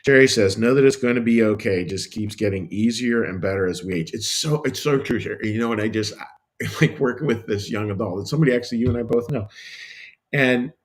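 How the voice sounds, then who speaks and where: A middle-aged man with a somewhat low voice leads a meditative livestream devotional as pastor. He speaks gently and unhurriedly, wandering through his thoughts and restarting sentences as he reads out viewer comments. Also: fast.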